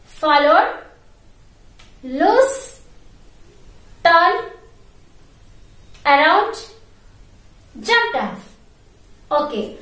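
A woman's voice: extremely high pitch, fairly bright tone. A woman teaching an online primary school English class, spelling words out letter by letter and repeating their pronunciation. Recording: very echoey room.

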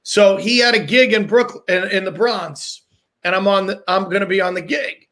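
Bright-voiced man telling a story. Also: high voice, normal speed. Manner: animated storyteller, swears, acts out quotes. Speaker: comedian guest. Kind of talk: casual storytelling chat.

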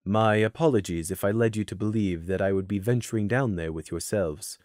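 A man's voice: on the low side, brisk, darkish tone, no echo, clean studio sound, voice pushed down, lightly acted. A man voicing a formal, polite male stag guide who speaks courteously in old-fashioned phrasing. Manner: courteous, archaic formal speech.

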